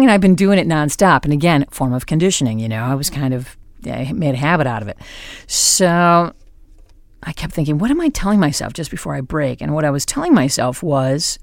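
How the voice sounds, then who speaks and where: Low-voiced woman hosting a podcast, super animated, dry close sound. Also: a little fast, no echo. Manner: lively storyteller, acts out quotes; laughs while telling. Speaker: podcast host. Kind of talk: anecdotal podcast talk.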